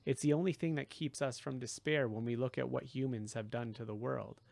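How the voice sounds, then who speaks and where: A man voicing a gentle, idealistic young male satyr who talks mournfully and turns indignant. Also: mid-range voice, steady tone, fairly quick, gravelly, dry recording, close to an everyday voice. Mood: determined.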